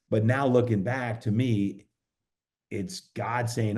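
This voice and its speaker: A man with a fairly low, dark and mellow voice, speaking as a guest on a podcast. He tells a personal story earnestly and reflectively. He often pauses on fillers and restarts his sentences. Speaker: podcast guest, fitness coach.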